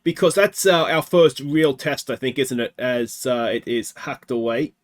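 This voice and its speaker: An Australian man with a mid-range voice, speaking a little slowly, hosts a let's play of a football management game. He chats through the game as commentary and asks himself rhetorical questions.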